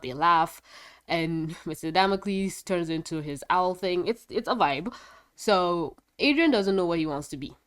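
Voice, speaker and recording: A woman with a somewhat low, stuffed-up, congested voice talks through a casual video review. She rambles, backtracks and laughs easily, a little scattered as she goes. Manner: rambling, chatty, quick to laugh; a bit foggy and scattered. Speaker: show reviewer.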